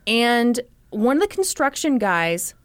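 A woman co-hosts a podcast, chatting and laughing easily. Her pitch is fairly high and swings widely, and the recording sounds close and dry. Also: takes it slowly, smooth, no room sound. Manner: animated, laughs often. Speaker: podcast co-host. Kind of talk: casual chat.

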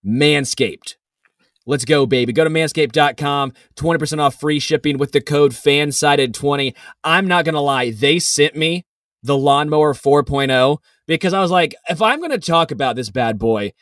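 A man's voice: fairly high pitch, normal speed, fairly bright tone, no echo. A man co-hosting a casual sports podcast, easygoing and upbeat, telling stories and reading a sponsor spot. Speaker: podcast co-host. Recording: dry, a bit distant from the mic.

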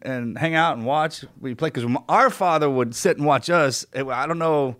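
A man co-hosts a podcast and tells animated family stories, often laughing along. His voice is mid-pitched. The sound is dry and close, with no room echo. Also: fast. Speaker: podcast co-host. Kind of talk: casual chat.

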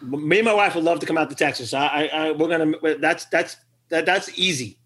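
A middle-aged man, a podcast guest, telling a story with lively acted-out quotes and frequent laughter. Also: on the high side, a little fast. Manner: animated storyteller who acts out quotes and laughs often. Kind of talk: storytelling interview.

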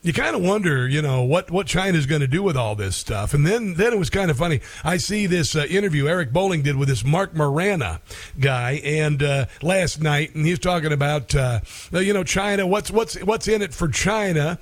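A male talk radio host riffs in an animated, sarcastic way, dotting his lines with fillers. His voice sits a bit high. The studio is dry and close-miked. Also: normal speed, no echo. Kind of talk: opinionated talk radio monologue.

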